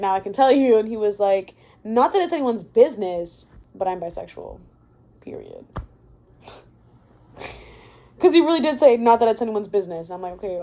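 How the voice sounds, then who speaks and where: A young woman ranting casually about a book she loves, excitable and rambling, often stopping mid-thought to correct herself. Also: mid-range voice. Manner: rambling and excitable, often losing her thread. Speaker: book vlogger.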